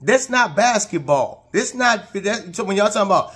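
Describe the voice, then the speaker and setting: A man with a somewhat high-pitched voice talks through basketball clips in casual, slang-heavy speech. He sounds indignant and heated, and his voice jumps higher and louder when he gets outraged. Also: lively intonation, moderate pace, husky. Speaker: sports commentator. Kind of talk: reaction video commentary.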